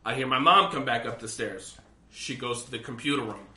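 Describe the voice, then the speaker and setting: A man's voice: medium pitch, brisk, sharp tone. A young man telling an embarrassing story on a casual podcast, laughing and swearing as he goes. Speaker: podcast guest. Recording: echoey room.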